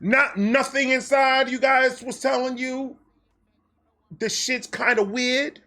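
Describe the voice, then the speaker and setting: A high, bright-voiced man with a New York accent telling a wild storytime with big animated energy. He swears freely, acts out voices and keeps dropping into low, muttered asides. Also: slow pace. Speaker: storyteller host.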